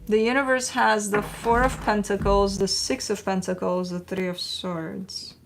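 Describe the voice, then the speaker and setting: A woman casually reading tarot cards on a livestream, chatty and rambling, who breaks off to coo at her pets in a high, excited voice. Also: measured pace, creaky, a little hiss or hum. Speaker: tarot reader.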